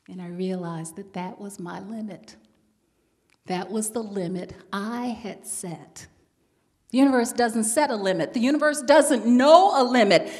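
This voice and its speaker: A woman minister giving an inspirational talk to a live congregation, telling stories and laughing along with the audience. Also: a little high. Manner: animated storytelling, laughing with the audience. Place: large hall with an audience. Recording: long hall reverb.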